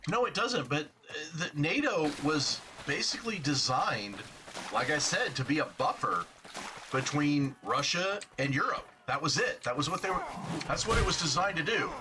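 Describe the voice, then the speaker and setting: A man's voice: on the high side, animated, normal speed, background noise. A man from the United States chatting while gaming, ranting about politics in an opinionated, profane way. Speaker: game streamer. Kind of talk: casual chat while gaming.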